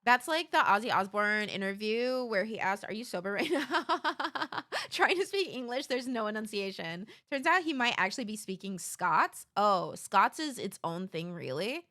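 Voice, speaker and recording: A woman streamer reacting casually and excitedly to a video. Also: mid-range voice, normal speed, few pauses. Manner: animated, exclaiming, laughing.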